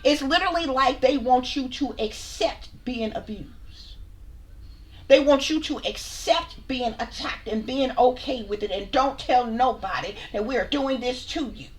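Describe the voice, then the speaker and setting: A woman's voice: high voice, a little slow, faint music behind. Blunt, profane woman ranting to viewers. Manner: blunt, profane, sassy, repeats herself. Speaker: channel host, spiritual reader. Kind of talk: heated casual rant to camera.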